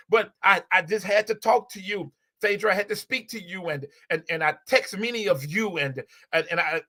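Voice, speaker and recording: A man's voice: sits high, bright, forceful tone. A man hosting a live stream, giving a heartfelt inspirational talk with a preacher-like repetitive cadence and open emotion, speaking into a phone. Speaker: livestream host.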